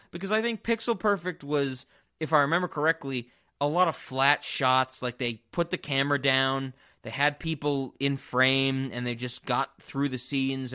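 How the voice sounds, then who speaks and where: A man co-hosting a podcast, chatting casually about a movie, joking and animated. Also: mid-range voice. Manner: animated, jokey, breaks into loud yelling bits. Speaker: podcast co-host. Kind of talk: casual movie-review chat.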